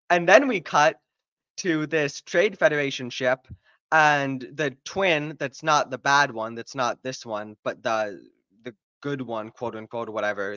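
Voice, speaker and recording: A man's voice: medium pitch, bright, forceful tone, no room sound, highs cut off. A man ranting in a sarcastic, exasperated and profane way while reviewing a show. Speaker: video reviewer.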